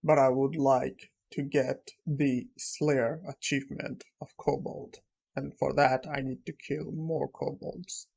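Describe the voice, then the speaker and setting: Cold vengeful necromancer, young male, read by a man in a husky voice, curt and dismissive, comic-recap storytelling. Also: mid-range voice, flat delivery, slow pace, a little mellow, heavily acted.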